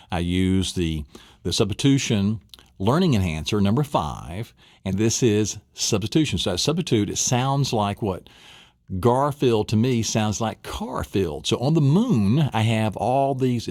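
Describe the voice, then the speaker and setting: Man, memory course teacher, lively swooping pitch, dry close sound, cheering the listener on. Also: no echo. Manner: enthusiastic, coaching, drills the listener. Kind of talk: motivational recorded lesson.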